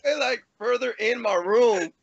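A man's voice: very high voice, measured pace, gravelly, no echo, lo-fi sound. A young man chatting casually about a shared memory, laid-back and laughing. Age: young adult. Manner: laid-back, laughing, says bro a lot. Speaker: storyteller. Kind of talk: casual storytelling chat.

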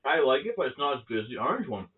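A man's voice: medium pitch, sing-song, racing. A man casually taste-testing snacks with friends, playful and talking while eating. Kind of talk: casual chat. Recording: tinny phone-like sound, faint hiss.

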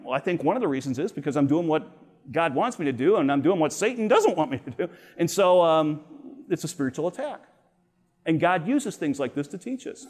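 Animated man teaching a youth Bible lesson. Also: on the high side, fairly quick. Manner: storytelling, acts out quoted voices.

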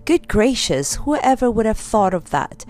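A woman's voice: a little high, big pitch swings, a little slow, darkish tone. A woman voicing a sensible, earnest young boy in a storybook reading, coaxing and eager.

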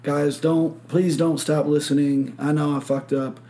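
A man's voice: fairly high pitch, little pitch movement, measured pace, dark tone. A man from Michigan hosting a podcast, telling a rambling story full of swearing and acted-out quotes. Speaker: podcast host. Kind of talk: casual chat.

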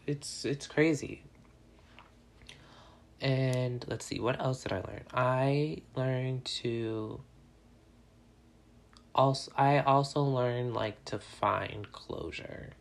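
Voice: medium pitch, creaky. Young solo podcast host in their twenties; chatty, candid, joking, constant "like" fillers, rambling delivery. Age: 20s. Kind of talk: casual solo podcast chat.

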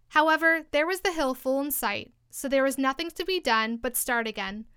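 A woman reading a classic storybook aloud with expressive, lively narration. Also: high voice, normal speed, hardly any pauses, no room sound, studio quality. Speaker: storybook reader.

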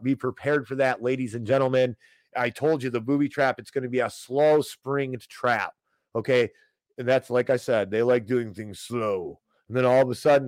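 Male host, casual stream commentary, animated rants at the chat, dry mic. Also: mid-range voice, no room sound. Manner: animated, ranting, talks straight to chat viewers. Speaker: host of a financial commentary show.

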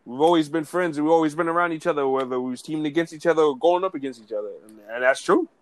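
A man talking in a relaxed, casual podcast chat, full of filler words. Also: on the high side, very fast, no room sound.

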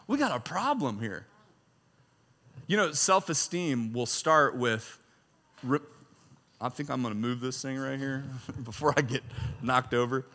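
A man's voice: mid-range voice, a little slow, pushed and bright, long reverb tail. A man preaching a sermon, reading scripture aloud and breaking into jokes and chuckles. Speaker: pastor.

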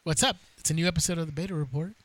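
A man's voice: fairly high pitch, steady tone, racing, dry recording. A man co-hosting a casual podcast, chatty and loose, full of "dude" and "like.". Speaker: podcast co-host.

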